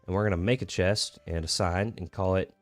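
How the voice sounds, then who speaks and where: Young male streamer, low-pitched, relaxed rambling chat over faint music. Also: a little fast. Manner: laid-back, rambling, lots of "like" and restarts. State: hiccuping. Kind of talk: casual gaming stream chat.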